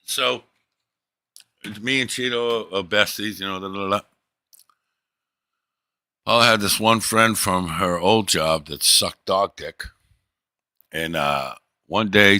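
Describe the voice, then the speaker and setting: Low forceful male voice, profane rambling livestream chat, dry close sound. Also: no echo. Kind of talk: casual storytelling to chat.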